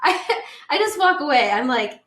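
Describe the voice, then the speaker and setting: A woman in her twenties, a podcast guest, telling a long story in a chatty, animated way full of fillers. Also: sits high, normal speed, roomy sound, a crowd in the background. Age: 20s. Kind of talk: casual storytelling.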